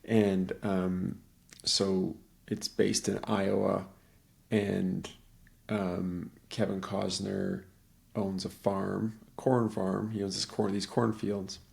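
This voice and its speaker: A man's voice: low voice, little pitch movement, slow, creaky, a little mellow. A middle-aged man in casual conversation, telling a rambling story and acting out the voices of the people in it.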